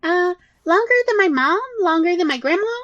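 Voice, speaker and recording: A woman's voice: extremely high pitch, expressive, moderate pace, fairly bright tone, no room sound, dull audio, pitched above the performer's own voice. A woman voicing a small, cheeky rat that chatters in a matter-of-fact way. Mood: chatty. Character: cheeky, chatty little rat, high and squeaky.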